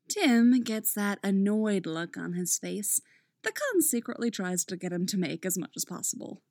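Woman reading a story out loud, playful, lots of pitch movement, dry close mic. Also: big pitch swings, normal speed, dry recording. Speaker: reader. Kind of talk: audiobook narration of fan fiction.

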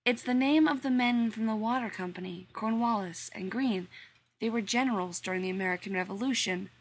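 A woman's voice: a little high, a little fast, slight background noise, close to an everyday voice. Lady reading chill teasing guy, dry and wry. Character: dry, teasing laid-back man. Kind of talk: audiobook reading.

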